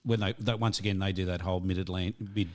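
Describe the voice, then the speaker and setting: A man co-hosting a casual music podcast, chiming in with quick agreements and wry remarks. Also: deep voice, fairly even intonation, a little mellow. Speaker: podcast co-host.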